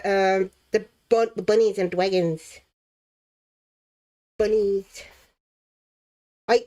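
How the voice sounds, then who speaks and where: A woman hosting a relaxed livestream, chatting casually as she colours, reading out viewers' names and thinking aloud while she works. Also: fairly high pitch. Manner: chatty, laughs often, reads chat names aloud; muses aloud while working. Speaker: livestream host.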